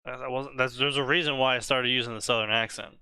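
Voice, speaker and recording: A man's voice: mid-range voice, fairly even intonation, fast talker, sharp tone, smooth, no echo. A man co-hosting a fanfiction reading stream, chatting and joking casually. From South New Jersey. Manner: bursts into laughter, jokey. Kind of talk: casual chat and comedic reading.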